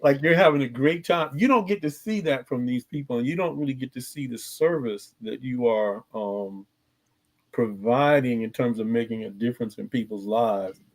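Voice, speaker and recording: A man's voice: mid-range voice, moderate pace. A man co-hosting a podcast, talking in a friendly, hesitant way with many fillers. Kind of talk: casual conversation.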